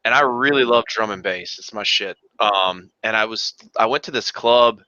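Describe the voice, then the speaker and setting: A man's voice: fairly low pitch, normal speed, pushed and bright, no room sound, muffled recording. A man co-hosting a casual gaming podcast, joking, laughing often and swearing freely. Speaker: podcast co-host. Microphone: desk mic, live stream.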